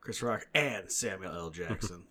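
A young man trades profane, sarcastic banter as a podcast co-host. His voice sits a little low, and he laughs often between jabs. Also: unhurried, pushed and bright.

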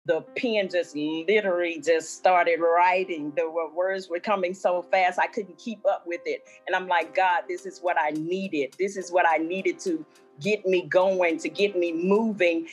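A woman's voice: lowish voice, breathy edge. A woman minister giving an earnest, reflective personal testimonial.

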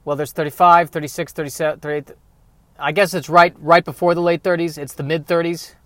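A man's voice: on the high side, flat delivery, a little fast, fairly bright tone, dry recording. A man in his thirties hosting a podcast, rambling through a self-deprecating comedic monologue. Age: 30s. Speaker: podcast host.

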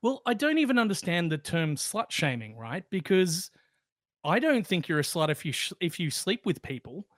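An Australian man co-hosting a podcast, talking bluntly with playful asides. His voice sits a little high and swings widely in pitch. The sound is close and dry. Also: very animated, normal speed, a bit bright, dry recording. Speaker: podcast co-host. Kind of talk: casual opinion chat.

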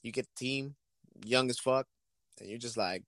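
A man's voice: medium pitch, fairly quick, no echo. A man talking football in casual, profane banter, acting out imagined conversations in different voices. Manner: profane, animated, acts out imagined dialogue. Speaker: podcast co-host. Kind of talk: casual sports chat.

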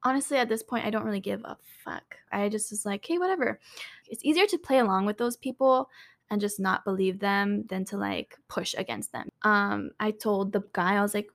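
A woman's voice: mid-range voice, steady tone, fairly quick. A woman co-hosting a podcast, telling a story in a casual, chatty way, full of "like" and "um" and free with swear words. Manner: chatty, filler-heavy, swears freely. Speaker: podcast co-host.

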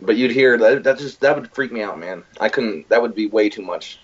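A man with a low, husky voice talks loosely and excitedly, piling on fillers and swear words as he recounts things. The recording is a bit dull and lo-fi, like a home podcast setup. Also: brisk. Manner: rambling, profane, animated retelling. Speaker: podcast co-host. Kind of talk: casual chat.

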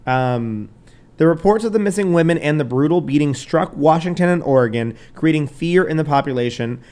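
A man's voice: on the high side, expressive, fairly quick, darkish tone. A man hosting a podcast, telling a crime story in loose, casual chat, swearing, laughing and tripping over names. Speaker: podcast host.

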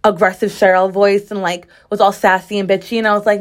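A young woman talks through her week on a solo podcast. Her talk is loose, chatty and sassy, full of "like" fillers and mock exasperation. The pitch sits in a middle range for a woman. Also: level tone, quick pace, hardly any pauses. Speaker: podcast host. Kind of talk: casual solo podcast chat.

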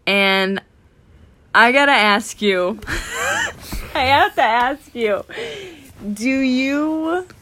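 A woman's voice: fairly high pitch, extremely slow, long pauses. A woman who teaches, co-hosting a casual podcast chat. She wanders from tangent to tangent, talks herself down, and acts out little voices as she tells stories. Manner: rambling, self-deprecating, jumps between tangents; animated storytelling with voiced asides. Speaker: podcast co-host.

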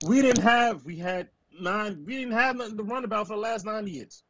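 A man co-hosting a casual sports podcast, ranting and self-mocking in animated bursts. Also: high voice, moderate pace, no echo. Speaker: podcast co-host.

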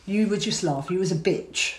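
A woman's voice: lowish voice, brisk. A woman co-hosting a podcast, chatting casually, blunt and teasing, often laughing. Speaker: podcast co-host. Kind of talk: casual chat.

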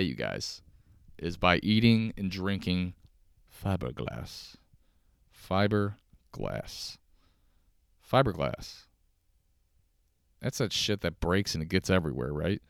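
A man's voice: deep voice, a bit bright, smooth, no room sound, clean studio sound. A young man with a Chicago accent, rambling and self-deprecating as host of a casual solo podcast, talking from his couch at home.

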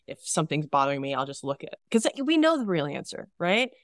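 Low-voiced woman in dry casual chat. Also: a little fast, dry recording. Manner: animated, laughs often, acts out her own inner voice. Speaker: podcast guest. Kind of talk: casual conversation.

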